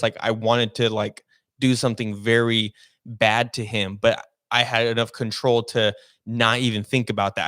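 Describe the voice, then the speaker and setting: A man's voice: mid-range voice, a bit bright, no echo, clean studio sound. A young man hosting a casual podcast and telling a personal story in a rambling way, full of fillers and restarts. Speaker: podcast host.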